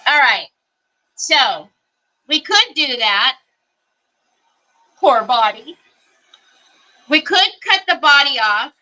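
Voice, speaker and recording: A woman with a fairly high, very bright voice hosts a live crafting session. She talks at a slow, easy pace, thinking aloud as she works and greeting viewers one by one. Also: big pitch swings, dull audio. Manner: chatty, greets viewers by name while working. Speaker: craft livestream host. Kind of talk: casual live crafting chat.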